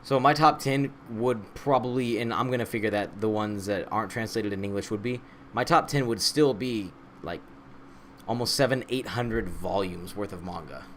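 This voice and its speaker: Man, podcast host, lowish voice, playful questions, faint hiss behind. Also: moderate pace. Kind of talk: casual podcast chat.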